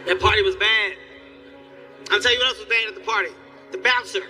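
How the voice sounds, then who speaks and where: A man doing a stand-up comedy set, telling animated stories and acting out the people in them. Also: sits high, fairly quick, recorded from a distance, faint music behind. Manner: animated storytelling, acts out characters, yelling bits. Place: theater stage before a live audience.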